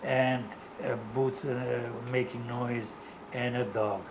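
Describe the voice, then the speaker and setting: An older Holocaust survivor recounts his testimony for an oral history interview in halting, non-native English, frequently pausing to find words. His creaky voice is medium-pitched with little pitch movement, and the background is noisy.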